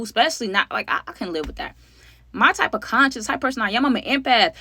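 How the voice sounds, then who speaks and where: A woman's voice: fairly high pitch, animated, fast, sharp tone, dry recording. A woman telling a story in a casual vlog, slangy and talking straight to viewers, acting out what each person said. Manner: acts out the other people's lines.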